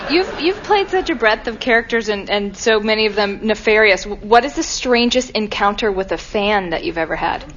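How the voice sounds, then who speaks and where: A woman panelist on a radio show, asking curious questions at an unhurried pace. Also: medium pitch, expressive, a bit bright, muffled recording, a little hiss or hum. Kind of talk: casual chat.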